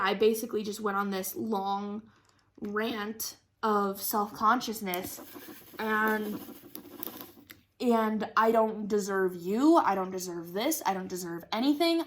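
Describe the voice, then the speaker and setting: A woman's voice: medium pitch, a bit bright. A young woman chatting casually about her week while crafting, rambling with lots of fillers and frequent laughs. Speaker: craft vlogger.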